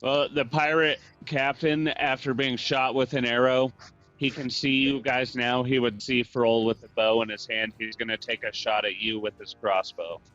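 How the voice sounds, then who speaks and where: A man's voice: medium pitch, level tone, normal speed, a bit bright, highs cut off, soft background music. A man running a tabletop game as game master, calling for dice rolls and narrating the action.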